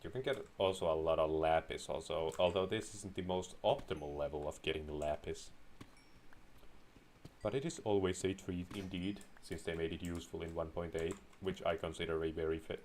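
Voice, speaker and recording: A man's voice: deep voice, moderate pace, darkish tone, a little hiss or hum. A man streaming a game, rambling sarcastically in a mock-pompous put-on voice, close to his microphone. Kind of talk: casual gaming commentary. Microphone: close desk microphone.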